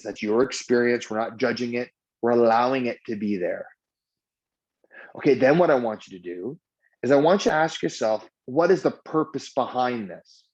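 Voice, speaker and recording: A man leading a mindfulness training session, talking in a relaxed, conversational way with many filler "like"s. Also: medium pitch, highs cut off. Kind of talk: guided meditation workshop.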